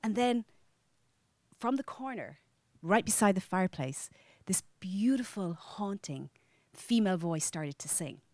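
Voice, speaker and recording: A woman from Ireland with an Irish accent, telling a personal story live to an audience, animated and full of restarts. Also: on the low side, a little slow, no echo. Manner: animated, with frequent restarts and acted-out quotes. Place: media center storytelling event.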